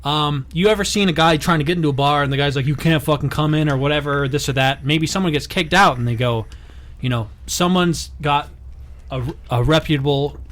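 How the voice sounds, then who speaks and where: Man, comedy podcast host, laid-back and profane, lightly raised pitch. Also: fairly quick, a bit bright. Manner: laid-back, swearing, leads the bits. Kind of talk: casual comedy podcast banter.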